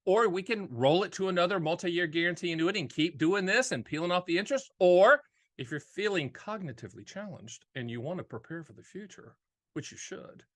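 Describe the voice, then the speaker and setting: A middle-aged man who hosts a casual, straight-talking show about annuities, talking in an energetic, folksy way and repeating his key phrases. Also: high voice, brisk. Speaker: annuity agent and show host. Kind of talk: casual straight-talk explainer.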